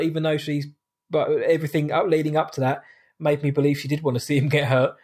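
A man's voice: a little high, flat delivery, fairly quick, darkish tone. A man co-hosting a podcast, rambling through a film's plot with wry asides. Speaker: podcast co-host. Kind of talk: casual film review chat.

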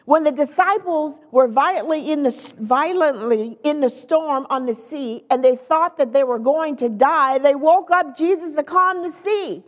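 A woman preaching a sermon in a lively, conversational way, with playful asides to the congregation. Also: high-pitched, a little slow, hardly any pauses, long reverb tail.

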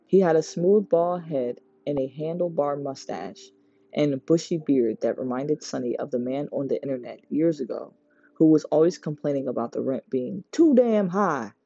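Reader: woman, animated novel narration, warm low tone, dull dry recording. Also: moderate pace, vocal fry, slightly rough, no echo. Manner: lively character voices, high for the girls. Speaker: audiobook reader. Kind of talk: reading a novel aloud.

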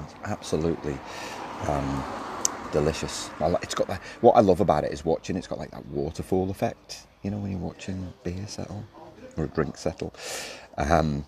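A man with an extremely low, deep voice hosts a relaxed solo podcast from a table outside a café. He rambles and cuts himself off mid-thought in an easygoing chat. Clear street noise runs under his voice throughout. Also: normal speed. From Australia. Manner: chatty, rambling, self-interrupting. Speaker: podcast host. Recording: noisy outdoor street recording. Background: street ambience, birds and passing cars.

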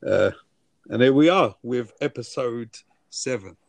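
A man's voice: medium pitch, animated, measured pace, vocal fry, no room sound. A man co-hosting a podcast, chatting casually and teasing his co-host. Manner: banter, swearing, teasing. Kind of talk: casual chat.

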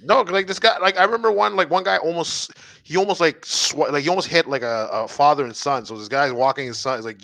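A man co-hosting a casual comedy podcast, telling wild stories excitedly with lots of swearing. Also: a little high, fast talker, vocal fry, no echo. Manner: excited storyteller, swearing, laughing through stories. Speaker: podcast co-host.

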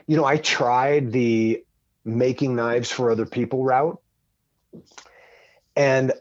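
A man spins a loose, profanity-laced story as a podcast guest, words tumbling out with restarts and asides. His voice sits at an ordinary middle pitch. The recording sounds a bit dull and lo-fi. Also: dry recording. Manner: profane, rambling, animated. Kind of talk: casual storytelling.

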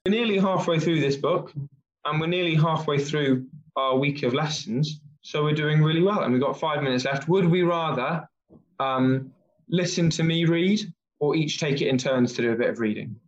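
A man's voice: fairly high pitch, moderate pace. A male English teacher leads an online reading class for children. He is encouraging and explains words as he reads aloud. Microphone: video call. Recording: lo-fi video call audio.

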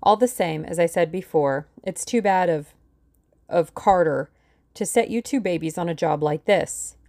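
A woman voicing a shrewd older male lawyer who speaks in a calm, dry, authoritative way. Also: fairly low pitch, moderate pace, no room sound, close to an everyday voice. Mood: measured.

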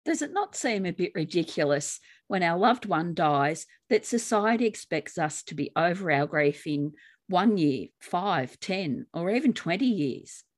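An Australian woman co-hosting a podcast, her voice a little low for a woman. She chats gently and laughs easily, then reads her own writing in a soft, reflective way. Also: expressive, a little slow. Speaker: podcast co-host. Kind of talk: casual podcast chat and reading her writing aloud.

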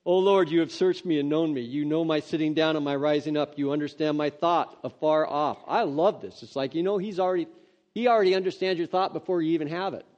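A man with a fairly high voice reads scripture like a preacher, then breaks into earnest, chatty asides full of excitement. The recording sounds dull and lo-fi. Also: a little fast. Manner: earnest, excitable, conversational asides between readings. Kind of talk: devotional scripture reading with commentary.

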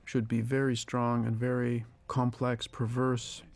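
A man in his sixties, a film director giving a reflective, measured audio commentary. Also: medium pitch, monotone, vocal fry. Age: 60s. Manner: reflective, measured, with pauses and restarts.

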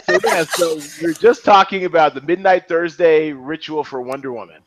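A man hosting a podcast in casual chat, animated and playful, full of slang. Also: fairly high pitch, moderate pace, background noise. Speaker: podcast host.

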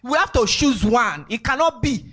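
A woman's voice: fairly high pitch, sing-song, moderate pace, sharp tone. A woman preaching a sermon, emphatic and repetitive, with sing-song rises in her voice.

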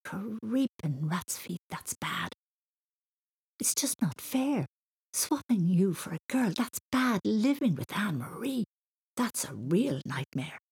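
A woman voicing a bossy, loyal schoolgirl who speaks softly and in a hush. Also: mid-range voice, very animated, measured pace, breathy edge, voice pushed up, exaggerated voice. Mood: shocked.

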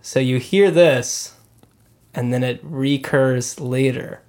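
A man's voice: mid-range voice, slow pace, darkish tone. A man hosting a casual quiz, chatty and often laughing as he explains the clues. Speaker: quiz host.

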